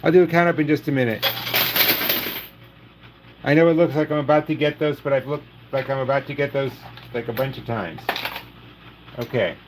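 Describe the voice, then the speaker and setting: A man hosting a casual livestream, joking in a dry, deadpan way and saying he is losing his voice. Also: mid-range voice, moderate pace, pauses often, background noise. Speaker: livestream host.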